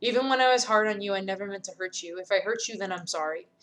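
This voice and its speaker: Brief: woman reading a stern, caring captain; earnest, mid-pitched, firm. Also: quick pace, fairly bright tone, a little hiss or hum, close to an everyday voice. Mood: pleading.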